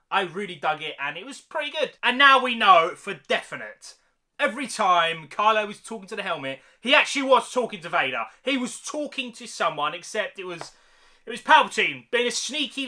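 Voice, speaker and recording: Excited guy, bright sharp voice. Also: sits high. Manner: excited, slangy, keeps tagging "mate" and "man". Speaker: film reviewer. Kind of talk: casual spoiler review.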